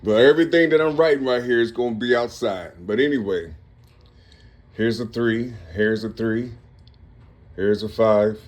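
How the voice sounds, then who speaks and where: A man recording himself in a rambling monologue, working through numbers and letters aloud with halting restarts and asking "you see?" again and again. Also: medium pitch. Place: Cincinnati, Ohio.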